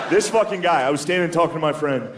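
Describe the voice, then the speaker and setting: A man doing a stand-up comedy set, talking casually and profanely and calling everyone "dude.". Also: a little high. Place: comedy club stage. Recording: live club recording, loud crowd noise. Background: loud audience laughter.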